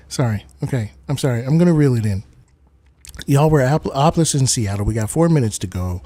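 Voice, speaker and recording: A man's voice: mid-range voice, animated, a little fast, warm tone, no room sound. A man hosting a casual livestream, goofy and rambling, who repeats bits and slips into mock accents. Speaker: livestream host.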